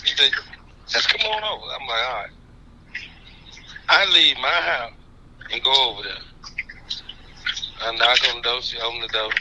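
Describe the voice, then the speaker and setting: A man co-hosting a radio talk show, telling loud stories in crude slang and acting out the quotes. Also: medium pitch, fairly even intonation, moderate pace, long pauses, very noisy. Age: older than his co-hosts. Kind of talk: casual chat.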